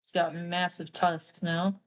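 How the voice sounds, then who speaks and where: A woman's voice: lowish voice, flat delivery, slow, low-quality recording. A young woman artist chatting casually while drawing on stream, rambling through a story with lots of fillers.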